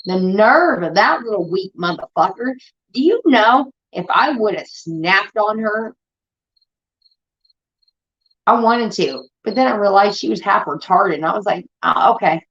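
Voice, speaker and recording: A woman's voice: medium pitch, lively intonation, moderate pace, fairly bright tone. A woman from Indiana hosting a livestream, ranting heatedly and swearing a lot in casual talk. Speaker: livestream host. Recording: dull lo-fi stream audio.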